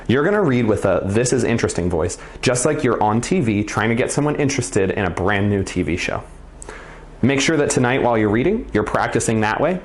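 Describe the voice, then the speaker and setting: A man's voice: medium pitch, lively intonation, fairly quick. A man teaching children to read with expression, in a playful and encouraging way. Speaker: reading teacher. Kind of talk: video reading lesson for children.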